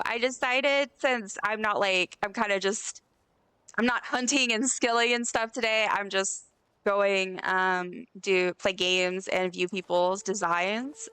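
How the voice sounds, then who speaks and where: Bright, chatty woman streamer. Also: on the high side, clear, resonant tone. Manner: effusive, chatty, reads chat aloud. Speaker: livestreamer. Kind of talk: casual live-stream chat while gaming. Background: faint game music.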